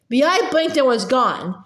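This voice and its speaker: A woman reads a novel aloud, with a high voice. She keeps a steady pace and sometimes stumbles or clears her throat. The room echoes around her. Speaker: audiobook reader.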